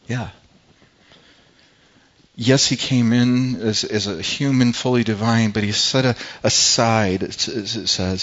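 A man preaching a church sermon and praying, earnest and halting, often repeating words as he speaks. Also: fairly low pitch, fairly bright tone. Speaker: pastor. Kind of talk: sermon and prayer. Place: church service. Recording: dull lo-fi recording.

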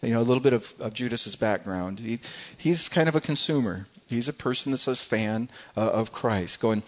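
A man's voice: mid-range voice, moderate pace, dull audio. A man preaching a sermon in a conversational way, often repeating words and acting out what people in the story said. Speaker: pastor.

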